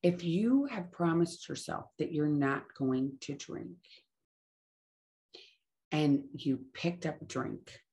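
A woman's voice: low voice, slow, pauses often, warm tone. Earnest, rambling woman talking about sobriety. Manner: earnest, rambling, self-correcting. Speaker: recovery speaker. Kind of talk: casual spoken talk on sobriety.

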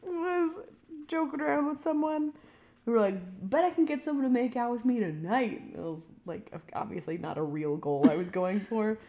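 A young woman in a relaxed podcast conversation, her voice sitting a little high. She tells anecdotes with giggles and plays out little quoted lines as she goes. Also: normal speed. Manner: chatty storyteller, giggly, acts out quotes. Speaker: podcast co-host. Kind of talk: casual chat.

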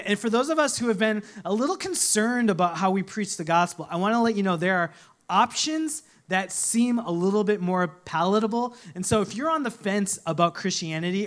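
A man's voice: sits high, fairly bright tone. A man preaching a sermon as a pastor, talking conversationally and telling stories with voiced quotes.

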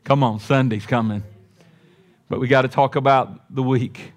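In this sermon, a pastor moves between quiet reflection and raised, emphatic repeated lines, dropping in folksy asides. He has a mid-range voice, a steady tone, and speaks at normal speed.

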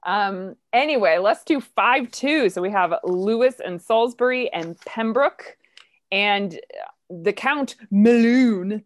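A woman hosting a casual chat about Shakespeare, chatty and quick to laugh. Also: medium pitch, expressive, no echo. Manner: chatty, laughs often, many fillers. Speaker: podcast host.

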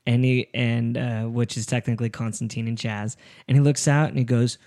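A man's voice: fairly high pitch, brisk, few pauses. A young man hosting a casual podcast chat, telling stories animatedly, swearing often and acting out quotes. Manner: animated storyteller, swears a lot, acts out quotes.

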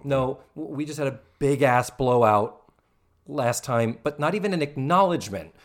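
A man in casual conversation, recapping an old sitcom with a lively, swooping delivery. He slips into playful voices to quote the characters. His pitch sits in a middle range. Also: normal speed. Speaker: podcast co-host recapping a sitcom. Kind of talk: casual chat.

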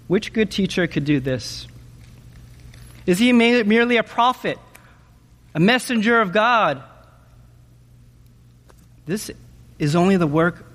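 Man, pastor preaching a sermon, animated, high-pitched, long reverb of a large hall. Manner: animated, asks the audience questions, says "okay?" often.

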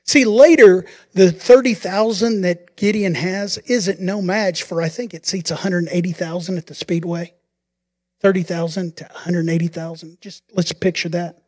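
A pastor preaching a sermon, telling the story in an animated way and acting out the quotes. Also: male voice, sits high, normal speed.

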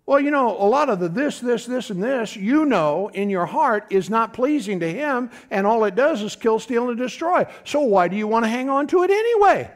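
A man's voice: extremely high pitch, animated, moderate pace, hardly any pauses. A middle-aged man preaching a folksy, conversational sermon, often calling out to his congregation.

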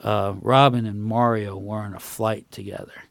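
A man's voice: lowish voice, little pitch movement, moderate pace, vocal fry, fairly bright tone, dry recording. An older man, a guest on a casual talk show, telling racing anecdotes in a rambling way with chuckles. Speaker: guest, retired racing crew member. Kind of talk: casual storytelling.

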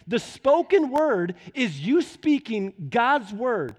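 A man with a notably high voice preaches from the pulpit of a church. He moves from relaxed storytelling to fervent, urgent exhortation. His words ring out with a long hall reverb around them. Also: slow pace. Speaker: pastor. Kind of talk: sermon.

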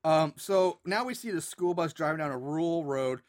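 A man's voice: a little high, normal speed. A man in casual podcast chat, recapping a film in a rambling way with many fillers and restarts. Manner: rambling, filler-heavy retelling with frequent restarts. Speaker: podcast co-host.

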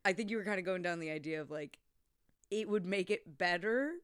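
A woman's voice: lowish voice, a little fast, a bit bright, clear, resonant tone, no echo, clean studio sound. Giggly woman telling a story. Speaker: podcast co-host. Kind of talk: casual film chat.

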